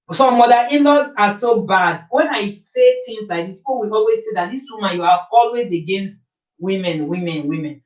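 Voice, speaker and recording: A woman with a Nigerian accent delivers opinionated commentary to her live audience, pressing her point with rhetorical questions. Her voice sits some distance from the microphone and carries the echo of a bare room. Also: medium pitch. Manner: forceful, rhetorical, repeats points. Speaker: YouTuber on a live stream. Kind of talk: opinionated live-stream talk. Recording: echoey room, voice off-mic.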